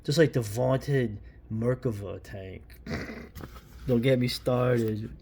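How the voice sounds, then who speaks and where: Gravelly-voiced man rambling about comics. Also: medium pitch, very slow, a little mellow, a little hiss or hum. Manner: rambling, opinionated, many restarts and asides. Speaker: comic book reviewer. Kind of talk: casual commentary while flipping through a comic.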